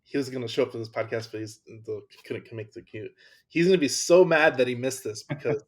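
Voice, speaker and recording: A man's voice: mid-range voice, a little fast. A man hosting a podcast, talking enthusiastically and often restarting his sentences in casual conversation. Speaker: podcast host.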